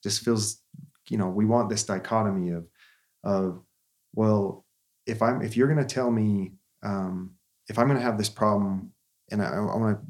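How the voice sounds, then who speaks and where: A man's voice: lowish voice, a little mellow. A therapist, a man in his thirties, telling a story in an earnest, conversational way with frequent restarts.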